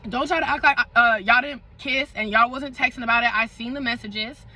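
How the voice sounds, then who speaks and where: A young woman vlogger telling a storytime in a dramatic, animated way, full of slang and asides to her viewers. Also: high-pitched, poor audio. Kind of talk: storytime vlog.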